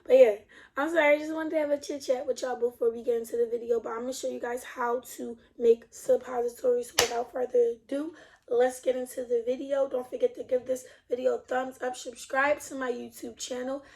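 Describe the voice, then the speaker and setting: A woman's voice: high voice, little pitch movement, fairly quick, vocal fry, noisy background. A young adult woman vlogging at home, chatting casually and demonstrating a product, rambling and laughing often. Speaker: beauty vlogger. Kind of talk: casual chat and product demo.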